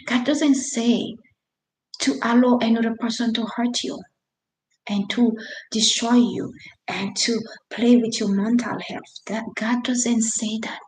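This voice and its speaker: A woman's voice: on the high side, fairly even intonation, slow pace, a little mellow, roomy sound, rough recording. A woman from Haiti, in her thirties, telling a personal story in an earnest, emphatic way, with restarts and non-native grammar. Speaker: vlogger.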